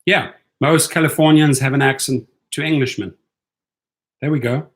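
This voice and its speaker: A man with a mid-range voice talks at a normal speed in a steady tone. He hosts a rideshare channel's casual livestream, chatting loosely with viewers and tacking "right?" onto many of his points.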